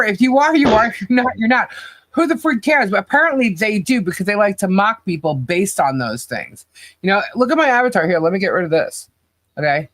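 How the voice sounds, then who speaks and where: A woman's voice: mid-range voice, no room sound. A woman co-hosting a podcast in casual chat, blunt and fired up as she trash-talks critics. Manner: blunt, animated, trash-talking. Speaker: podcast co-host.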